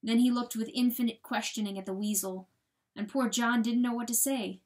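A woman narrating a storybook aloud in a measured, solemn storytelling manner. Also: on the high side, steady tone, a little mellow. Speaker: audiobook narrator. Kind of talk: dramatic audiobook reading.

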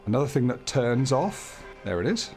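A man's voice: mid-range voice, very animated, moderate pace, darkish tone. Chatty man hosting a puzzle game playthrough. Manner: chatty, reads on-screen text aloud with light jokes. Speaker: let's play host. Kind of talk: casual gameplay commentary. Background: game music.

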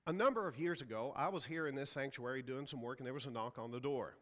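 A man's voice: medium pitch, lively intonation, fast talker, hardly any pauses, fairly bright tone, in a large hall. A man preaching a sermon as a pastor, telling a story and acting out the people in it. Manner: storytelling, acts out quoted voices. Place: church sanctuary.

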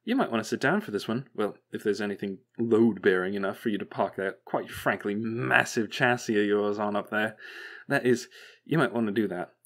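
A man voicing a manic, chattering male robot who rambles flippantly and bitterly, jumping high in pitch when excited. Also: normal speed. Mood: mock storytelling. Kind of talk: audiobook character voice.

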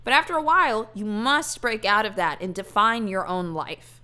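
A woman's voice: mid-range voice, sing-song, moderate pace, sharp tone. A woman streamer reacting bluntly to a true crime interview, swearing and arguing with chat. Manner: blunt, profane, incredulous. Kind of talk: casual reaction commentary.

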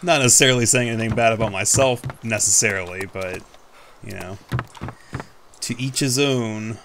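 A man's voice: lowish voice, normal speed, a bit bright, a little hiss or hum. A man giving casual, rambling commentary over his own gameplay, self-mocking and casually swearing. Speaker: gaming YouTuber.

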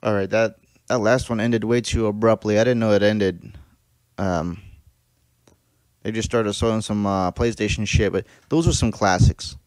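A man's voice: lowish voice, steady tone, moderate pace, a little mellow, no echo, studio quality. A man in his thirties hosting a reaction video, talking casually, laughing often and swearing freely. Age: 30s.

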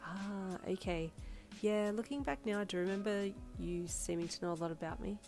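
A woman reading the lines of a shy, gentle young woman who speaks softly and reassuringly. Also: mid-range voice, normal speed, soft background music, lightly acted. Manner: soft-spoken, shy.

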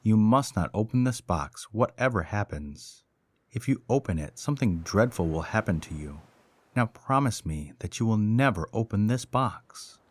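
A man voicing a gentle young sea princess in a storybook tale, speaking softly and sadly. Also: fairly low pitch, expressive, moderate pace, no echo. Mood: solemn. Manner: soft and sad.

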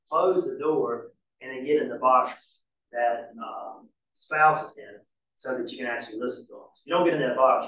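A pastor teaching a marriage class in a casual, folksy way with homespun examples. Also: male voice, mid-range voice, a bit bright. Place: church hall. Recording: very echoey church room, mic far off.

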